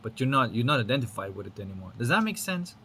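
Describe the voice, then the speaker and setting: Bright-voiced Lithuanian man with mixed accent. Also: mid-range voice, sing-song, fast, slight background noise. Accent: mixed Lithuanian, American and British English. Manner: rambling, frank, swears casually. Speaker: spiritual teacher. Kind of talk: casual spiritual talk.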